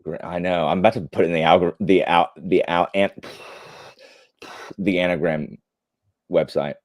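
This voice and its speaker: The host of this live stream is a man with a low voice and a steady tone, talking at normal speed. He chats casually as he goes through viewer comments, rambling with fillers and blunt opinions, in a dry, studio-quality recording.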